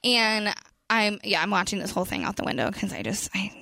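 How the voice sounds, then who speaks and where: A young woman from Western New York co-hosting a podcast, telling stories casually and quickly, acting out quotes and swearing freely. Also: mid-range voice, expressive, creaky, sharp tone, no room sound. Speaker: podcast co-host. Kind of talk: casual storytelling chat.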